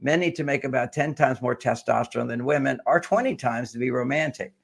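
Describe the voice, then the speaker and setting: Older guy guest on a chat show, gravelly, explains stuff with little stories. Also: mid-range voice, fairly quick. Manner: explains with generalizations and anecdotes. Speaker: guest author on relationships. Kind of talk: talk show interview.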